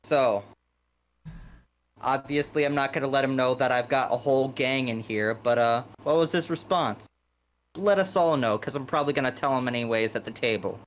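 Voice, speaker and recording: A man's voice: mid-range voice, moderate pace, a little hiss or hum. A man playing a tabletop game who talks plainly and directly about his moves. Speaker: player. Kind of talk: casual tabletop game chat.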